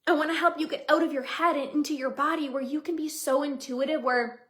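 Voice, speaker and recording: This is a young woman with a bright, high-pitched voice, hosting her own motivational podcast. She talks as a coach in an earnest, heartfelt way. She leans on "like" and repeats her points. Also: fairly even intonation, fairly quick. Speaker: podcast host and binge-eating coach. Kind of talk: motivational solo podcast monologue.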